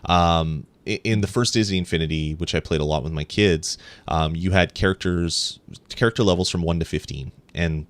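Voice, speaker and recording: A man in his thirties co-hosting a gaming podcast, talking excitedly in a rambling way with lots of ums and restarts. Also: sits low, a little fast, dry recording. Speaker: podcast co-host. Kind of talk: casual chat.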